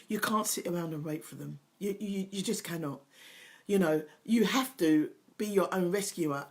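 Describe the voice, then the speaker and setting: A middle-aged woman hosting a motivational talk, earnest and emotional, pressing her points by repeating them. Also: sits low. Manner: earnest, emphatic, repeats key phrases; openly emotional, personal. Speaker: host, confidence coach.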